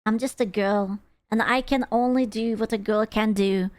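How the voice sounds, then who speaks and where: A woman's voice: on the high side, steady tone, moderate pace, no room sound. A woman streamer giving casual reaction commentary, sarcastic and mocking, swearing freely. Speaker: VTuber streamer reacting to a video.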